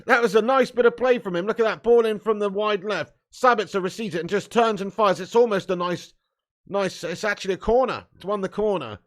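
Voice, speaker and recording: A man hosting a live football watch-along, commenting on play, cheering loudly and chatting casually with viewers. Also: high voice, a little fast. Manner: excitable, bursts into loud cheering, swears freely, chats to viewers. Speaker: fan watch-along host.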